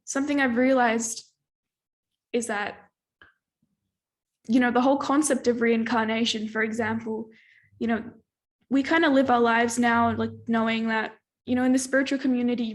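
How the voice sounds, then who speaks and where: Reflective woman guest on a podcast. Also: fairly high pitch. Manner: reflective, thoughtful, many fillers. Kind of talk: casual conversation.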